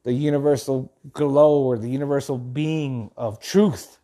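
A man's voice: mid-range voice, steady tone, unhurried, dark tone. A man reading a passage aloud and then giving an earnest motivational talk, often repeating and restarting his phrases. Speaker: host of a thirty-day motivational journey.

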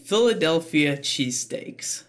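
Host, male, slightly high voice, eager and a bit stumbly, casual interview. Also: lively intonation, a little slow, a bit bright. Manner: eager, stumbling over words. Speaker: podcast host.

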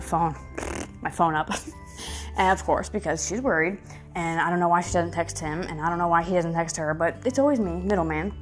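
Woman vlogger, thirties, chatty and animated, fairly low voice, faint music underneath. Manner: chatty and animated, many fillers, swears, laughs often. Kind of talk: casual storytelling to camera.

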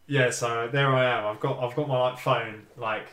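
A man's voice: medium pitch, steady tone, moderate pace, a bit bright, recorded from a distance. A man co-hosting a football podcast, telling a story in casual chat with lots of fillers and restarts. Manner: hesitant, many fillers and restarts. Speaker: podcast co-host. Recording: echoey room, voice a bit off-mic.

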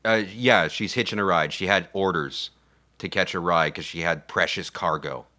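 A man's voice: sits low, normal speed, pushed and bright. A man co-hosting a podcast, recapping a movie in rambling casual chat with many fillers.

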